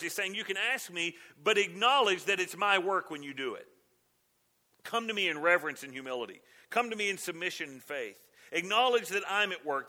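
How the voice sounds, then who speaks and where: A man's voice: sits high, pushed and bright. A man preaching a sermon, earnestly asking questions aloud and reading scripture between his own remarks. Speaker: pastor.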